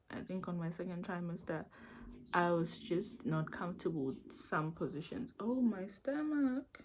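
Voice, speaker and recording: A woman's voice: fairly low pitch, darkish tone. A young South African woman with a Zulu accent, speaking English as a second language in a confiding, emotional vlog while holding back tears. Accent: South African, Zulu-mixed English. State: near tears. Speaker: vlogger. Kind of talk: casual storytime vlog.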